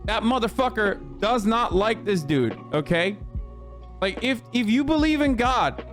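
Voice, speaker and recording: A man streams loose, animated commentary, his voice sitting high for a man. He swears freely and keeps the jokes coming, while soft music plays faintly behind him. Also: measured pace. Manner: profane, joking and animated. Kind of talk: casual commentary.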